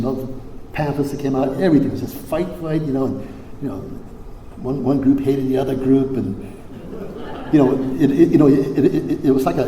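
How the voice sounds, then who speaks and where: An older man from Hawaii gives a recovery convention talk in a mellow, relaxed voice, with lots of fillers, restarts and blunt salty words. His voice rings through a large echoey hall with a long reverb tail and a faint background hum. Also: medium pitch. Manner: rambling, many fillers and restarts, salty language. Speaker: convention speaker.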